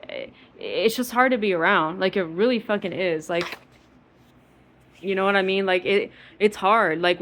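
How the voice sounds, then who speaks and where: A woman's voice: fairly low pitch, a bit bright. East Coast woman, bitter profane vlog rant, filler-heavy and repetitive. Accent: East Coast American. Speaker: vlogger. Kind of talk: casual rant to camera.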